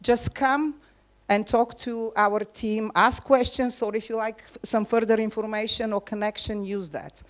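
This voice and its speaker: A woman's voice: a little high, fairly even intonation, measured pace. A woman presenting a live seminar, speaking directly to the audience and inviting them to ask questions.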